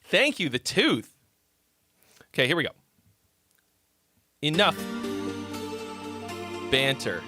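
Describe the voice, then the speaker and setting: Over music, this man speaks slowly in a fairly high, sing-song voice, leaving long pauses. As a livestream host reviewing songs on a casual stream, he reads chat messages aloud and trades loose, profane jokes.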